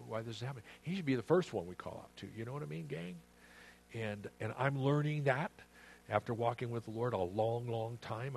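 A man's voice: medium pitch, slight background noise. Earnest man preaching a sermon. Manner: earnest, conversational preaching with rhetorical questions; reads scripture aloud with slow emphasis. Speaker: pastor.

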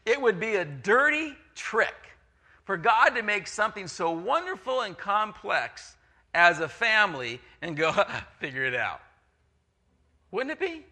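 Middle-aged pastor guy preaching, bright sharp voice, pitch a bit high, acts out the story bits. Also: unhurried. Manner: animated storytelling with acted-out voices. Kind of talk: sermon.

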